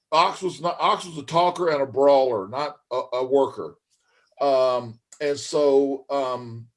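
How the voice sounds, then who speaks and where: A middle-aged man sits in for a podcast interview and tells his life story in a loose, rambling way. He talks folksy, with plenty of man and brother thrown in, at a middle pitch. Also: a little mellow. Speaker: guest, former pro wrestler.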